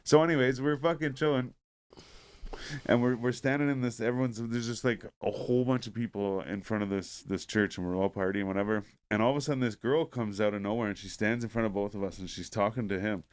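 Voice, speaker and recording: A man's voice: on the low side, steady tone, fairly quick, clear, resonant tone. A man telling a story in casual podcast chat, rambling and profane, filling it with "like" and acting out other people's lines.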